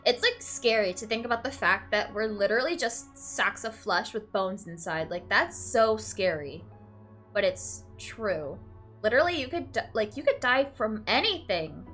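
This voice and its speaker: A young woman streaming a let's play reads the game's questions aloud at normal speed in a mid-range voice, faint music behind her. She reacts emotionally, swinging from flat to teary and laughing, and keeps saying "like" and "literally."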